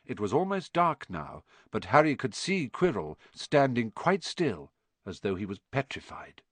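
A man reading a story aloud as an audiobook narrator, with expressive storytelling. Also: mid-range voice, measured pace, slightly rough, no echo. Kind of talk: scripted narration.

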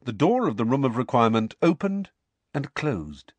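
A man narrating an audiobook in an expressive, measured storytelling manner. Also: medium pitch, no room sound. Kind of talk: scripted narration.

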